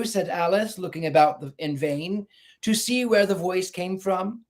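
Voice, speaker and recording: Man reading a storybook aloud, higher voice. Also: moderate pace. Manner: expressive, shifts into character voices.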